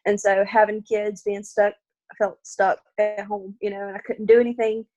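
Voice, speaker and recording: A young woman from Arkansas, USA, with a Southern American accent, shares her personal testimony as a team member, tearful and laughing through her nerves. Her mid-range voice is mellow and level at a moderate pace. The highs are cut off, and soft music plays in the background.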